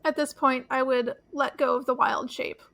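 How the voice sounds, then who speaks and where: A woman with a high voice calmly says what her character does in a tabletop game. Her tone is bright and a little gravelly, with faint music behind. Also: normal speed, slight background noise. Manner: calm, declaring her character's actions. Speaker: player.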